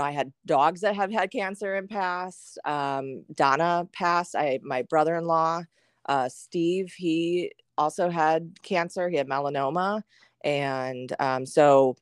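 Middle-aged woman, low voice, very emotional, lots of ums, dead dry mic. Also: clear, resonant tone, dry recording. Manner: emotional, many fillers, acts out her own thoughts. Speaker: podcast guest. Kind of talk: candid conversational chat.

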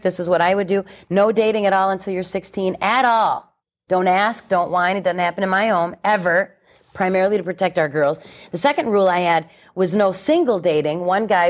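Emphatic, blunt woman speaker. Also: on the low side. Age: 40s. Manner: emphatic, blunt, animated preaching tone. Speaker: chastity speaker, guest. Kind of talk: radio interview.

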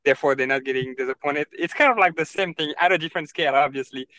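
A young man from France with a French accent, telling stories with animated energy as a podcast guest. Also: on the high side, fast talker, dry recording, poor audio. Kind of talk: casual interview chat.

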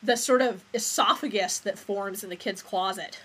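Woman podcast co-host, bright voice, mid pitch, rambling and casual. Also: moderate pace, slightly rough. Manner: rambling, recounting scenes, swearing. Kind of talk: casual chat.

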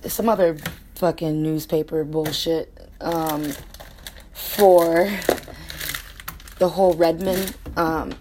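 A woman's voice: lowish voice, slight background noise. A young woman from Connecticut telling a personal story in a casual, rambling way, candid and emotional, swearing freely. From Connecticut, USA. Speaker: vlogger.

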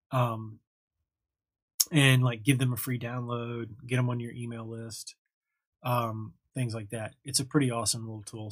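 Young man, livestream host, casual and chatty, mid-pitched voice, dead dry sound. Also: husky, no echo. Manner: laid-back, chatty, reads and thanks viewers. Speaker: livestream host answering chat. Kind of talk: casual live chat.

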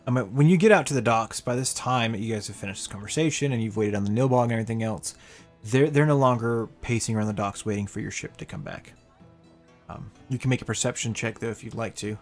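A man's voice: mid-range voice, fast talker. A man narrating a tabletop game as game master, describing scenes and laughing often. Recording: faint music behind.

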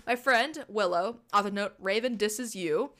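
Bright-voiced young woman reading fanfiction. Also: medium pitch, a little slow. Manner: giggly, reads aloud with asides and jokes. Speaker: podcast co-host. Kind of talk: casual chat and reading fanfiction aloud.

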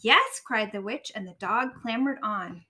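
A young mother co-hosting a home reading podcast, reading a picture book aloud in turns with her child and gently prompting him. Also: mid-range voice, a little slow. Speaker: co-host and mother.

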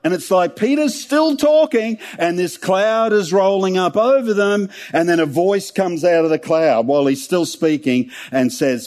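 A man's voice: sits high, unhurried, few pauses, darkish tone. A man preaching a sermon, retelling scripture in a conversational, humorous way.

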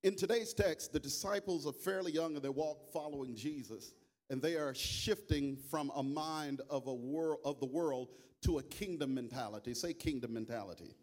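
A bishop preaching to a church congregation, singing worship lines and leading the room in call and response. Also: male voice, a little mellow. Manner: sings with long drawn-out high notes. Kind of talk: worship singing then sermon. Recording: live church mic with music behind.

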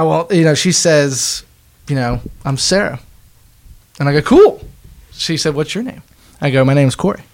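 A man in his twenties telling a long story in casual podcast chat, joking and laughing often. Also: fairly high pitch. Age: 20s. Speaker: podcast co-host.

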